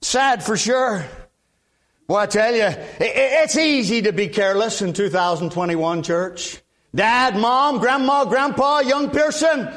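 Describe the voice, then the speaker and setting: A man's voice: high voice, unhurried, a bit bright. An older man from Alabama, preaching a sermon in a folksy way with repeated amens. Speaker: guest preacher.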